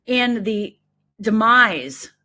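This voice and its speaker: A middle-aged woman, a life coach, talking in an animated, emphatic way as an interview guest. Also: a little high, very slow. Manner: animated, emphatic, lively storytelling with quoted voices. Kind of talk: conversational interview.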